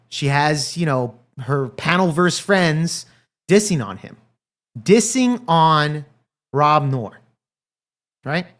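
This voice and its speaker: A man with a slightly high voice hosts a casual livestream. He rambles in a crude, profane way and keeps talking straight to the viewers in his chat. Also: fairly bright tone. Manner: talks straight to live chat. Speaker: livestream commentary host.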